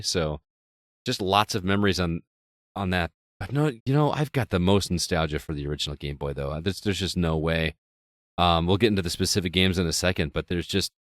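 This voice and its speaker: A man hosting a casual podcast chat, relaxed and nostalgic, steering the talk to his co-hosts. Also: low-pitched, dry recording, clean studio sound. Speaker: podcast host.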